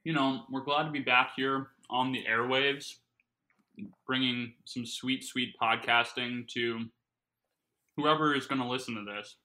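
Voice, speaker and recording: Male podcast co-host, very bright sharp tone, rambling jokey delivery, talks with his mouth full. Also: medium pitch, fairly even intonation, measured pace, rough recording. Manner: joking, rambling, many fillers. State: talking while eating. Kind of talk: casual podcast banter.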